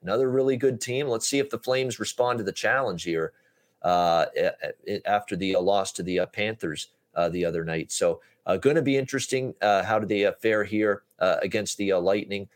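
A man's voice: fairly low pitch, brisk. A man hosting a sports betting podcast, talking at length in a casual way with many "uh" fillers. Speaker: podcast host.

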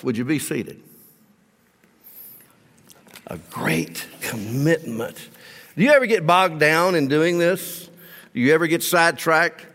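A male pastor with a fairly high voice preaches to his congregation, leading them in call-and-response. He then turns to searching, reflective questions. His voice rings through a large church hall with a long reverb tail. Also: fairly bright tone. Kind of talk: sermon.

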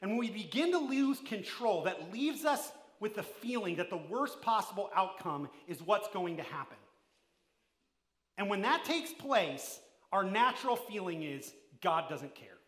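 A man giving a sermon as pastor, preaching emphatically, swinging between loud and hushed and putting questions straight to his listeners. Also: high-pitched, animated, unhurried, echoey room. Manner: addresses the listeners directly with questions.

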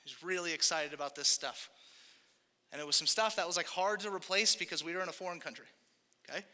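Young male pastor, bright echoing sermon. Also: on the high side, quick pace. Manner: casual, conversational preaching with frequent asides. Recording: long hall reverb.

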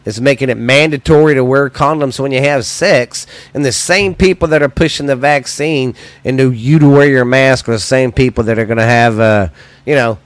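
A man's voice: mid-range voice, dry recording. An American man hosting a podcast, delivering a heated, profanity-laden solo rant that rambles between points. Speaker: podcast host.

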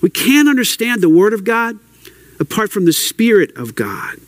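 A man's voice: sits high, big pitch swings, moderate pace, no room sound. A man preaching a sermon, earnest and pleading, leading his listeners in prayer and teaching on scripture. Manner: earnest, pleading, prays aloud.

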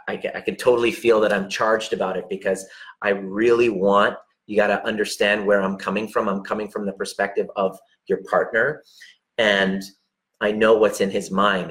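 A man with a lowish voice gives relationship advice in an unscripted, direct way. He is blunt and emphatic and swears freely. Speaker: relationship coach. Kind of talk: direct unscripted coaching talk.

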